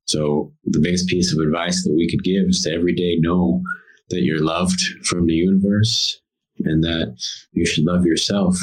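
A man on a podcast telling a story and giving earnest spiritual advice, slowing down on key words. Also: deep voice, slightly rough, poor audio. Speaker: podcast guest, intuitive.

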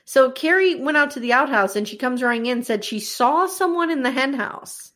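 A woman's voice: sits high, animated, a little fast, fairly bright tone. A woman co-hosting a podcast, chatting casually as she recaps episodes and acts out the characters' lines. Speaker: podcast co-host.

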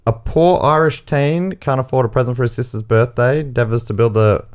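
A man's voice: medium pitch, fairly quick, a little mellow. An Australian man hosting a comedy game show podcast, reading out answers and joking with guests, often laughing. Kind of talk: casual podcast banter. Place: podcast studio.

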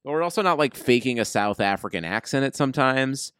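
A man's voice: medium pitch, animated, fast, a bit bright, clean tone, dry recording, studio quality. A man co-hosting a casual podcast, joking and sarcastic. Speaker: podcast co-host.

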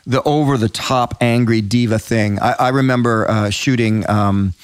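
A man hosting an interview, chatty and quick to jump into his own stories. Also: mid-range voice, steady tone, smooth, dry recording. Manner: chatty, jumps into anecdotes. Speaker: interview host. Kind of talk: casual interview chat. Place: by Georgian Bay during a thunderstorm.

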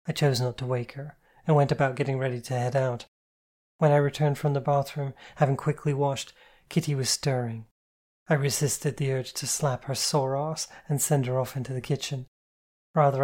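An audiobook narrator reads a novel chapter in first person. The delivery is measured and expressive, in a voice of middling pitch.

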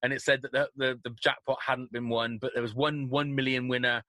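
A British man co-hosts a radio show and reads out listener questions in a loose, chatty way. His voice sits bright and forward, and the close, dry mic leaves no room sound. He rambles and corrects himself as he talks. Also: medium pitch, little pitch movement, brisk, no echo. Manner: rambling, self-correcting, chuckling. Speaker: radio co-host. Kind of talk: casual banter reading listener questions.

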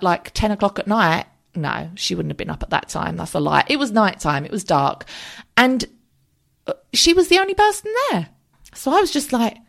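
A woman's voice: fairly low pitch, vocal fry. A woman, hosting a casual solo podcast, chatting candidly with frequent ums and casual swearing. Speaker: podcast host.

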